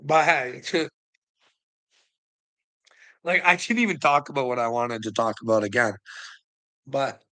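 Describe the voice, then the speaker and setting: A man's voice: mid-range voice, a little slow, long pauses, sharp tone, rough recording. A man in a casual, rambling monologue, swearing often and laughing between thoughts. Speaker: vlogger.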